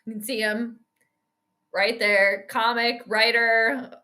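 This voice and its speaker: A high, bright woman's voice chatting casually on a livestream. She rambles from one topic to the next, reacting to the game and greeting viewers as she goes. The tone stays light and talkative. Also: flat delivery, slow pace. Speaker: livestream host doing game commentary and astrology predictions. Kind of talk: casual live-stream chat and play-by-play reactions.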